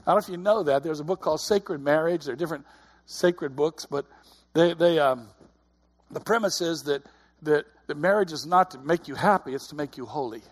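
A middle-aged man delivers a sermon in an earnest, chatty way. His voice sits a little high with a husky edge. He often restarts and repeats his words. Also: brisk. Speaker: preacher.

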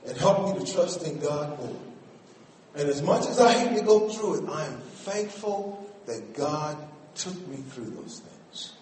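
A middle-aged man preaching a sermon in a church, animated, swinging between shouts and quiet asides. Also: a little high, slight background noise. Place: church sanctuary. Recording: echoey hall, mic at a distance.

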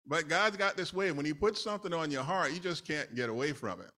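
Bright-voiced New preacher. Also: male voice, fairly high pitch, lively intonation, brisk. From New York City. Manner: conversational, laughing asides, acts out prayers. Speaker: lay preacher. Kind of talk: sermon.

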